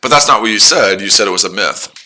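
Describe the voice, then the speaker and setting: A man's voice: lowish voice, animated, fast, pushed and bright. A man hosting a casual trading livestream, talking to his chat in a mocking, repetitive way. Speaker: trading streamer.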